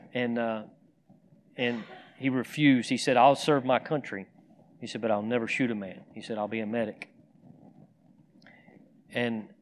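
A man's voice: fairly low pitch, slight background noise. A man preaching a sermon, telling stories with acted quotes and then leading an earnest prayer. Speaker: pastor.

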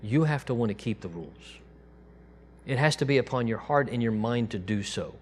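A man preaching in a loose, conversational way, his voice sitting at an ordinary middle pitch. When he quotes God he goes hushed and gentle, then comes back up to his normal speaking level. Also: animated, normal speed, husky. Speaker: pastor. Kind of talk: sermon.

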